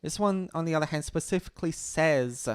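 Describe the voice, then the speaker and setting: Man, livestream host, casual commentary, smooth clear voice, blunt, sardonic, swears, halting restarts. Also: on the high side, dry recording, clean studio sound.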